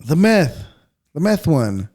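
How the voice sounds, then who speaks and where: A male podcast co-host with a notably high voice for a man. He chats casually, enthusiastic and quick to agree. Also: sing-song, darkish tone. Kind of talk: casual chat.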